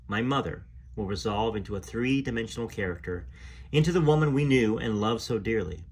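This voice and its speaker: Husky-voiced man reading a memoir aloud. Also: mid-range voice. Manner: earnest, emotional reading with pauses to comment. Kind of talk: reading aloud with spoken asides.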